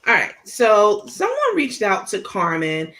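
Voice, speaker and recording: A woman's voice: mid-range voice, sing-song, measured pace, fairly bright tone. A woman with a New York accent hosting a livestream, talking emphatically and indignantly while reading messages aloud. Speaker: host. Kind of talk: livestream commentary.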